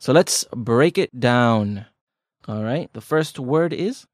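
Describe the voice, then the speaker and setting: Here the same kind of casual teaching chat comes slowly: a man co-hosts a language podcast, joking and chatting as he explains grammar. His medium-pitched voice is expressive, and the studio recording is clean with no echo.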